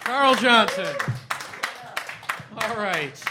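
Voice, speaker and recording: A man's voice: sits high, expressive, extremely slow, a loud crowd, very noisy. A man hosting a live comedy podcast, introducing comics in a loose, chatty way. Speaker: podcast host and emcee.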